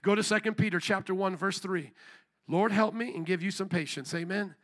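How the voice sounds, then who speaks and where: A middle-aged male pastor preaching an animated sermon with call-and-response asides and bursts of shouting. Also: high-pitched, fairly quick.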